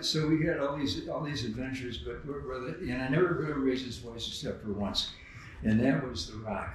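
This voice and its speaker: A man's voice: mid-range voice, fairly bright tone, distant mic, slight background noise. An older man telling sailing anecdotes at a memorial, often laughing as he talks. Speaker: memorial speaker, skipper. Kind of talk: storytelling eulogy. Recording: very echoey hall.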